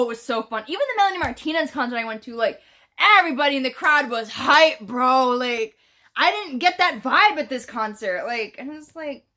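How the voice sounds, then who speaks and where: Bright, high-pitched New York woman vlogger. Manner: animated, profane, slangy storytelling. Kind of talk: casual storytime.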